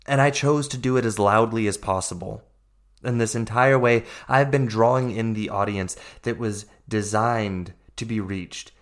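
Emphatic man hosting a motivational podcast. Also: mid-range voice. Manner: emphatic, repetitive, encouraging, addresses listeners as friends. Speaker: podcast host and life coach.

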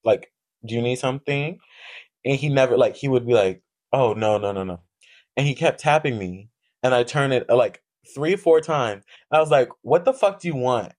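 A man's voice: mid-range voice, normal speed, a little mellow. A young man co-hosting a podcast, telling stories in loose, profane chat and laughing often. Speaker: podcast co-host. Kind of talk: casual chat.

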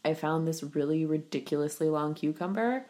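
A woman's voice: sits low, normal speed, mellow. A woman co-hosting a casual podcast with wry, teasing banter. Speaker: podcast co-host. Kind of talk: casual chat.

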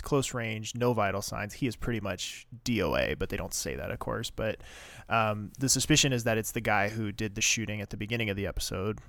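A man's voice: fairly low pitch, fairly bright tone, dry recording. A man co-hosting a podcast, casually recapping a TV episode in a rambling, chatty way. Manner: chatty, rambling with fillers and asides. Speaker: podcast co-host.

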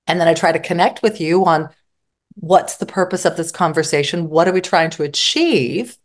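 A woman therapist speaking as an interview guest, expressive and acting out her examples vividly. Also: fairly low pitch. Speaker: psychotherapist guest. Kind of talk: interview conversation.

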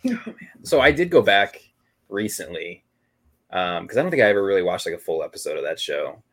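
A man's voice: sits low, very animated, a little fast, fairly bright tone. A man hosting a podcast in casual chat, joking and wry. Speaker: podcast host.

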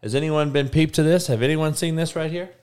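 A man's voice: on the high side, a little fast, a little mellow, clean tone. Profane rambling male sports podcaster. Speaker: podcast host. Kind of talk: live-streamed sports podcast chat.

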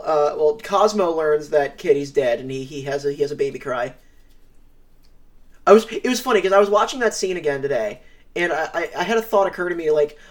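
A man co-hosting a podcast, rambling animatedly with lots of fillers. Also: fairly high pitch. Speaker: podcast co-host. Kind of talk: casual chat. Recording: voice a bit distant from the mic.

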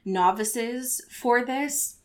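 A woman's voice: fairly high pitch, very slow, darkish tone. Woman with indignant, swearing asides. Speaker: book podcast co-host. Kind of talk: casual chat recapping a novel.

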